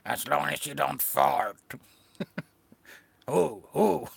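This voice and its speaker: A man's voice: on the high side, extremely slow, vocal fry, breathy edge, no echo, full character voice. A man doing a cheeky, blunt snail. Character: cheeky male snail toy.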